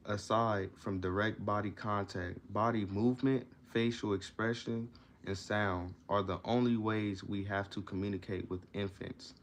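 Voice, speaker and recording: Low-voiced man reading and explaining casually. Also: slight background noise. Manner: reads passages, then explains them in loose slang asides; repeats himself and restarts often. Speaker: vlogger reading a self-help book aloud.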